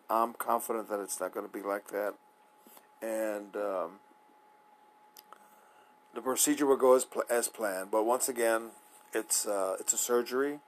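A man with a fairly low voice hosts his own show in a loose, rambling monologue. He trails into fillers and restarts, sounding drowsy and a little apprehensive. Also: a little hiss or hum, rough recording. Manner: nervous, apprehensive. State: sleepy, yawning. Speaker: podcast host. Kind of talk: casual solo monologue.

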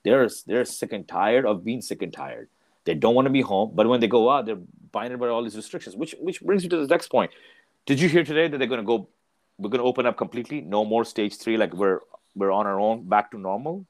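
A man's voice: on the low side, brisk. Man ranting, heated and profane. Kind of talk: casual chat. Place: Ontario, Canada.

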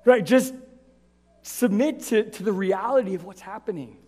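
Male pastor, high voice, casual conversational sermon, hall reverb. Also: moderate pace, warm tone. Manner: conversational preaching, tags lines with "right?".

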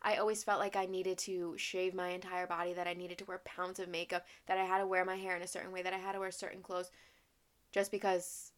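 A woman's voice: fairly low pitch, flat delivery, a little fast. A young woman hosting a solo podcast, ranting emphatically with lots of swearing. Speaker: podcast host.

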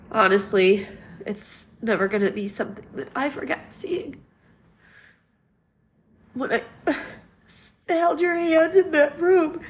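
A woman hosting a podcast, speaking in a halting, grieving personal monologue, tearful and sighing as she trails off. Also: medium pitch. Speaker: podcast host.

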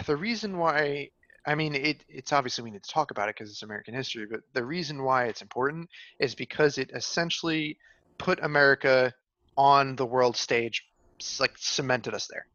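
Bright-voiced young man chatting history. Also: medium pitch, fairly quick, no echo, muffled recording. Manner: conversational, thinking aloud with fillers. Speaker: co-host. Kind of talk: casual history podcast chat.

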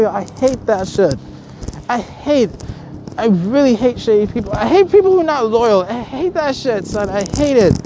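A woman's voice: a little high, darkish tone, a little hiss or hum. A woman vlogger delivering a heated, profane rant to her viewers, repeating herself, stumbling over restarts and swearing constantly. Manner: angry, repetitive, stammering restarts, swears constantly.

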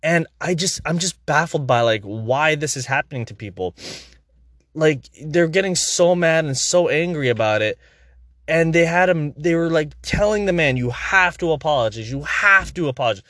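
A man's voice: on the high side, expressive, moderate pace, no room sound, clean studio sound. A young man hosting a podcast, ranting in a heated, profane, exasperated way in casual commentary.

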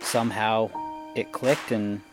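A man's voice: lowish voice, level tone, a little slow, loud music behind the voice. A man interviewing a guest in casual conversation, prompting with questions and laughing along.

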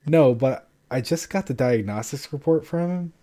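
A man reading the lines of a young woman engineer who talks in quick, excited gushes. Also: mid-range voice, voice pushed up, lightly acted. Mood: anxious. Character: young woman engineer, gushing then worried.

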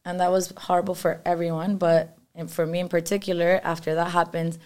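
A woman's voice: fairly low pitch, flat delivery, fairly quick, a little mellow. A young Venezuelan woman, a singer-songwriter, chatting frankly as a guest and slipping between English and Spanish. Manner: frank, switches between English and Spanish mid-sentence, swears freely. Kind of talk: casual interview chat.

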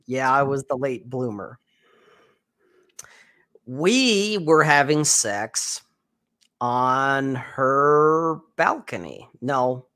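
A man's voice: mid-range voice, a bit bright. A man co-hosting a podcast, telling crude stories and teasing his co-host. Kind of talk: casual crude chat.

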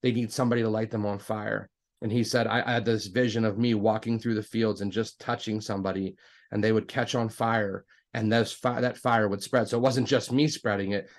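A man telling his conversion story in a casual, animated way, acting out both sides of the conversations. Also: on the low side, a little fast. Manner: frequent fillers and restarts, says "like" a lot.

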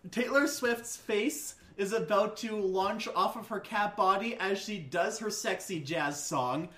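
A person recounting a film with deadpan jokes in casual chat with friends. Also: mid-range voice, a little slow. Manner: animated storyteller, deadpan jokes. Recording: echoey room.

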